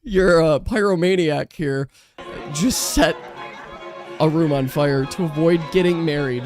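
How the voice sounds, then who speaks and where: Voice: mid-range voice, over music, a crowd in the background. Laughing tabletop game master. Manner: lively, laughing, quick asides to players.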